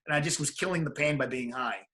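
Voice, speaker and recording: A middle-aged man, a guest on an interview show, telling a personal story in a casual, animated way and acting out the people he quotes. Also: on the high side, fast talker. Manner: animated, acts out quoted voices.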